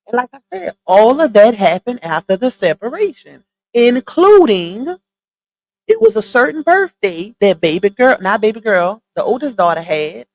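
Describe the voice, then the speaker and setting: A woman's voice: on the high side, a little mellow, poor audio. Chatty woman streamer, casual commentary. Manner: chatty, emphatic, addresses viewers directly. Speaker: live stream host.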